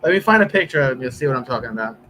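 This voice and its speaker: A man's voice: mid-range voice, animated, rapid-fire, sharp tone, slight background noise, low-quality recording. A man live streaming, chatting casually with viewers in a rambling, profane way.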